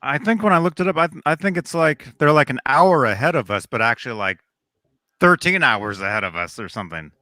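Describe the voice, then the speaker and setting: Lively, bright-voiced co-host with hesitant replies. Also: male voice, mid-range voice, brisk, dry recording, studio quality. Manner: hesitant, filler-heavy replies. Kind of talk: casual live-stream chat.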